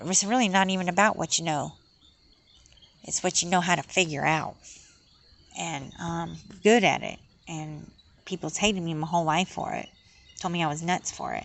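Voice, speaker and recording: A woman's voice: fairly low pitch, a little hiss or hum. A woman ranting in a rambling, profane, heated way as a vlogger. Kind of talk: rambling rant to camera.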